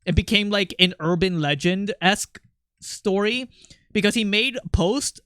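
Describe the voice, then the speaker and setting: A young man streaming while he draws, chatting casually with his viewers in a rambling, animated way, often breaking into laughter. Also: sits high, measured pace, clear, resonant tone, dry recording, studio quality. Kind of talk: casual livestream chat while drawing.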